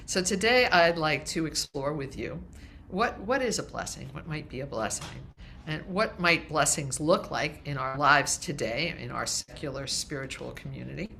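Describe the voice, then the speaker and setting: A woman minister speaks to her congregation in a relaxed, joking sermon style. Her voice sits low yet has a bright, forceful edge, and a faint hum runs beneath her words. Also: gravelly. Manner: light-hearted, conversational, with restarts. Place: congregation meeting hall, also streamed.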